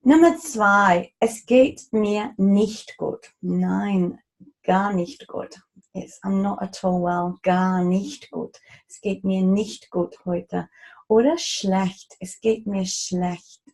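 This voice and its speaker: A woman teaches German in a relaxed, patient way, pausing for casual asides. She speaks slowly, and her voice is mellow and warm. She comes across as an unhurried tutor. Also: medium pitch, poor audio. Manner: slow, patient explanations with casual asides and fillers. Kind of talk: relaxed spoken language lesson.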